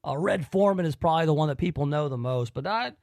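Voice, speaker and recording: Radio host, man, high-pitched, dry studio sound, rambling and eager. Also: fast talker, creaky, darkish tone, no room sound. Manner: enthusiastic, rambling. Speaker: radio talk show host. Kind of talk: casual radio talk.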